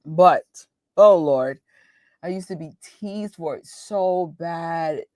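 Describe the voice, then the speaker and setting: A woman's voice: lowish voice, slow pace, dark tone, no room sound, studio quality. A woman with a New York accent, chatting casually and laughing with viewers as host of a movie watch party. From New York, USA. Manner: chatty, laughing, quotes voices. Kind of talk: casual chat with live viewers.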